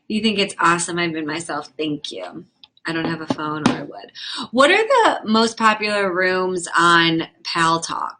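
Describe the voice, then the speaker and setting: An expressive young woman with a low, sharp-toned voice hosts a livestream and works as a comedian. Quick and chatty, she responds frankly to viewer comments and doesn't hold back on swearing.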